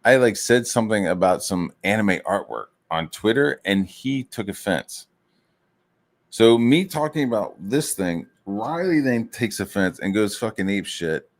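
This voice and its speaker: Low voiced dude rambling and cussing while drawing comics, lots of like and you know. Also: male voice, animated, measured pace. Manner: profane, rambling, heavy on filler words. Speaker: streamer and comic artist. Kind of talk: casual rambling rant.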